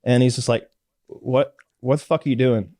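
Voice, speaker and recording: A man from Georgia in the US, a podcast guest telling lively, profane stories in casual chat. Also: mid-range voice, moderate pace. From Georgia, USA.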